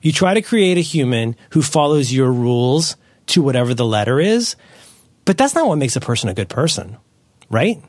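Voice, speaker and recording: A man hosting a podcast, chatting casually as a parent, rambling and correcting himself as he tells animated stories. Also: medium pitch, normal speed, no room sound. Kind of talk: casual chat.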